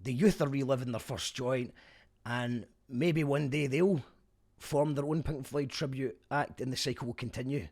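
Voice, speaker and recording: A man's voice: medium pitch, steady tone, moderate pace, darkish tone. A young Scottish man hosting a podcast, giving a chatty spoken review with wry asides. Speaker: podcast host.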